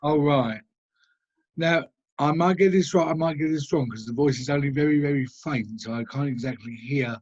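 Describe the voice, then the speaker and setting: Husky-voiced man medium, dull video call audio. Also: mid-range voice, darkish tone. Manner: halting, hesitant, describing at length. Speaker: spiritualist medium.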